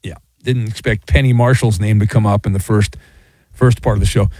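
A man's voice: on the low side, steady tone, a little fast, darkish tone, dry recording. A middle-aged man hosting a radio show, rambling and joking as he reads listener messages. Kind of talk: casual sports radio talk. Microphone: studio microphone.

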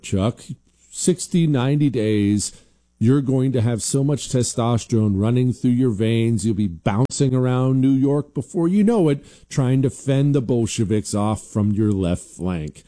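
A man hosting a political talk radio show, mocking and sarcastic, pitching up into loud jeers. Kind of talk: political talk radio monologue and live ad read.

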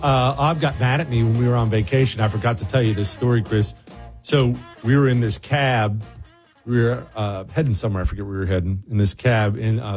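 A man hosting a radio show, telling a funny story to his co-host in a lively, joking way. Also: mid-range voice, husky. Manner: lively, joking storyteller who mimics other people's voices. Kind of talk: casual on-air storytelling to a co-host.

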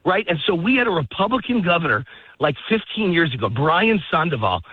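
Over a tinny phone line with no echo, a male caller on a political talk radio interview rants heatedly in a fairly high, husky voice with big pitch swings and a brisk pace. He's out of breath, walking his dog through a park.

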